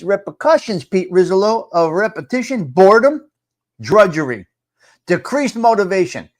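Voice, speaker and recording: Loud, emphatic and high-pitched, an older man leads a live morning talk stream. Repeating points for emphasis, he welcomes viewers from the chat by name.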